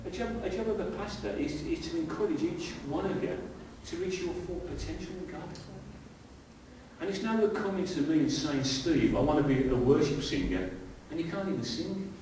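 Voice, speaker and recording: Man, middle-aged, pastor, chatty sermon, rhetorical questions, slightly high voice, faint hiss, far from mic. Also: fairly quick. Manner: conversational, full of rhetorical questions to the congregation. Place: church hall with congregation. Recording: very echoey hall, distant mic, faint hiss.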